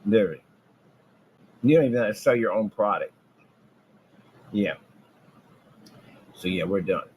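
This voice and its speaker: A man delivering a rambling, boastful trash-talk rant about his business, taunting rivals and jumping from low mutters to loud outbursts. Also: normal speed, husky, low-quality recording. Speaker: business owner ranting on his channel.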